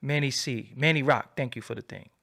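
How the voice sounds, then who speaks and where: A man hosting a livestream, ranting in a profane, animated, preaching way and repeating his phrases, swinging from low mutters to loud outbursts. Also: a little fast, gravelly. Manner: swoops between low mutter and loud high bursts. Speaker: livestream host. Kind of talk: unscripted livestream rant.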